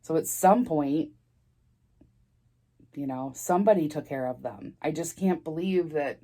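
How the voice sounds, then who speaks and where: A middle-aged woman with a low voice tells her story casually to camera. She rambles and restarts, sounding close to tears. It is a plain storytime vlog delivery. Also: warm tone. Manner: rambling, halting, emotional, restarts often. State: tearful, near crying. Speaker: vlogger.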